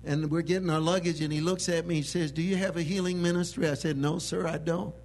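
High-voiced emphatic male preacher. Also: fairly even intonation, quick pace, a little hiss or hum. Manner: emphatic preaching that swells into loud proclaiming. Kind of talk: sermon.

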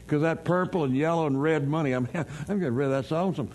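Man, pastor, sermon, folksy storytelling, rhetorical questions, slightly high voice. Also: fast, a little mellow.

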